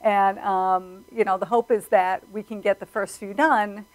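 A woman, a filmmaker guest telling stories in an animated, casual interview, acting out quotes. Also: mid-range voice, measured pace, poor audio. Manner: animated storyteller, acts out quotes.

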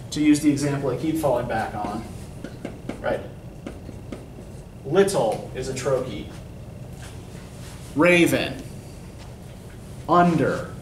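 A man teaching a college poetry class, explaining with a habitual "right?" to his students. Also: mid-range voice. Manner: explanatory, often checks in with "right?". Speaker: college English instructor. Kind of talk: classroom lecture. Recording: echoey classroom from far off, faint noise.

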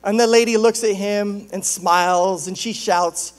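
Male pastor with a high voice, joking and chatty from the pulpit. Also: steady tone, unhurried, hardly any pauses. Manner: joking, conversational storytelling. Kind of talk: sermon.

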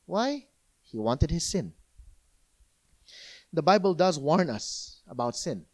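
Male pastor, high-voiced, animated conversational preaching. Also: takes it slowly. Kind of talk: sermon. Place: church.

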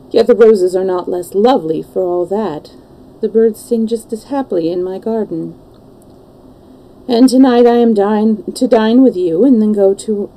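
A woman reading the part of an impulsive, anguished young English gentleman in a storybook, with emotional, pleading delivery. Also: medium pitch, natural voice, low-quality recording.

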